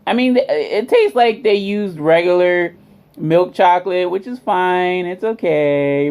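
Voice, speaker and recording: Slow-talking woman rambling through a drink review. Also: deep voice, a little mellow. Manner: rambling, many fillers, addresses viewers as y'all. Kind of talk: casual product review chat.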